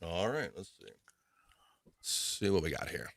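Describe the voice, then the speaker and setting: A man's voice: sits low, big pitch swings, moderate pace, gravelly, over loud music. A man hosting a casual live podcast, rambling, laughing and muttering to himself as he reads chat. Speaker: podcast host.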